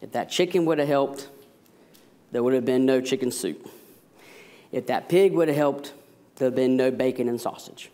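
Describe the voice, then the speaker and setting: A man's voice: mid-range voice, normal speed, pauses often. A man, an associate pastor, preaching a sermon and telling a story with jokes. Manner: storytelling, animated, self-deprecating jokes.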